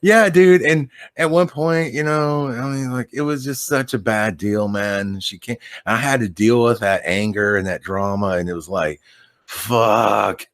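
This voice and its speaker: Low-voiced guy rambling through a story, laid-back, swears a lot, dry sound. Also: measured pace, fairly bright tone, no echo. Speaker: podcast guest. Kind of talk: casual chat.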